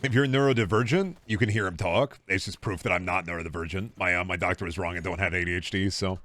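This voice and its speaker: A man's voice: low voice, quick pace. Profane, rambling young male streamer. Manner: rambling, profane, jokey, bursts of excitement. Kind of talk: casual gaming stream chat.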